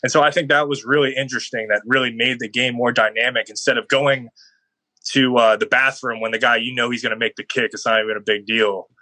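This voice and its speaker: A young man with a bright, forceful voice tells stories in a loose, rambling way, filling his sentences with "like." The sound is dry and close, with no room around it. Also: mid-range voice, brisk, no echo, rough recording. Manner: rambling, heavy on "like" fillers, animated storytelling. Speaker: guest football player. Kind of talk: casual podcast interview.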